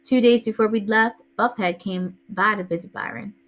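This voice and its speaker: A woman teacher reading a first-person novel aloud to a class in a steady storytelling way. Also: medium pitch, normal speed.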